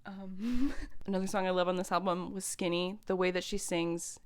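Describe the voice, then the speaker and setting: A woman's voice: on the low side, steady tone, moderate pace. A woman casually reviewing albums on her vlog, chatty and enthusiastic, swearing and laughing often. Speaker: music vlogger.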